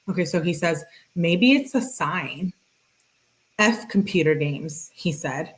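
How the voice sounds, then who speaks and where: A woman hosting a commentary video, reading text messages aloud in a plain, unhurried way with dry asides. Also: on the low side, lively intonation.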